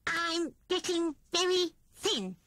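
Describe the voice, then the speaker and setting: A woman voicing a thin, hungry male rat who whines and pleads in a high voice. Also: expressive, slow, a bit bright, no echo, heavily acted. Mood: whining. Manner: whining, high and squealing.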